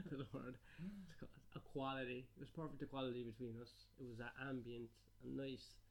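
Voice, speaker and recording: A man joking around on a comedy podcast. His humor is goofy and crude, and he breaks into sudden loud bursts between easygoing remarks. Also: mid-range voice, little pitch movement, fairly quick, gravelly. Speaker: podcast co-host. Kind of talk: casual comedic chat.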